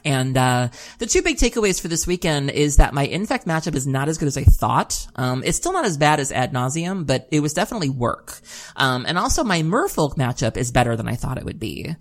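A woman co-hosting a podcast, telling a long story in casual chat, laughing often and filling pauses with "um". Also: low voice, very animated. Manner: chatty storytelling with frequent laughs and "um"s. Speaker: podcast co-host.

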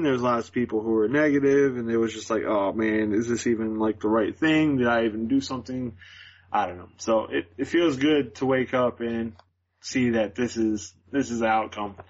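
Husky young man, hesitant and rambling. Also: medium pitch. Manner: hesitant, full of fillers and restarts. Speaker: guest. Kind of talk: casual interview answers. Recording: dull lo-fi recording.

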